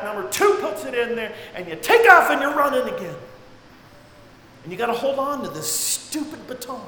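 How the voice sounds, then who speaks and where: A man preaching a sermon, swinging dramatically between near-shouts and hushed, low passages. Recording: echoey hall with faint noise.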